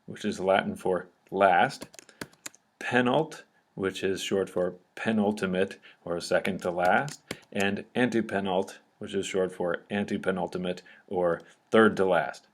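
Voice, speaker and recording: A man's voice: deep voice, unhurried. A man teaching a recorded grammar lesson, explaining step by step and often checking in with "okay?".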